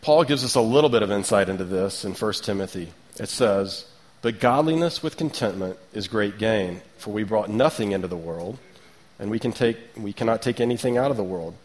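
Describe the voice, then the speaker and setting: Man, thirties, low voice, conversational preacher who uses rhetorical asides. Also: expressive, fairly quick. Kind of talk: sermon.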